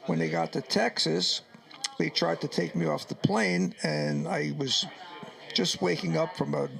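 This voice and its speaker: An older man from New York tells his war memories on a radio interview. His voice is gravelly and sits a little high, and he acts out each exchange of dialogue. At times he gets choked up. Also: a little slow. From New York, United States. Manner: animated storyteller acting out dialogue. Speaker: Vietnam veteran guest.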